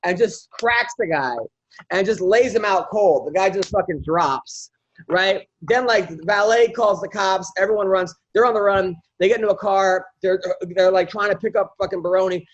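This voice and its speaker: A man on a podcast telling profane, animated stories in a casual chat. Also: sits high, moderate pace. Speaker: podcast guest comedian. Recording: dull lo-fi audio.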